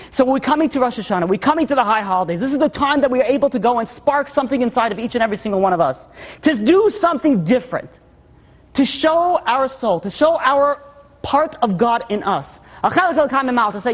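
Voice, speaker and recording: A high-voiced male rabbi delivers a holiday sermon, his tone swinging widely between hushed storytelling and lifted, emphatic preaching. A long reverb of the hall trails his words. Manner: tells a story softly, then preaches with rising emphasis.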